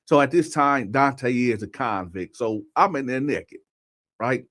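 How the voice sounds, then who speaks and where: A man's voice: medium pitch, animated, measured pace, a bit bright. Man telling a story in casual chat. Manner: conversational, addresses listeners directly, repeats "right?".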